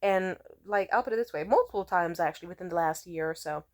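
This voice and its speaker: A woman's voice: on the low side, fast. A young woman ranting casually into her phone, blunt, profane and sarcastic. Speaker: vlogger. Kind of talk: casual rant to camera.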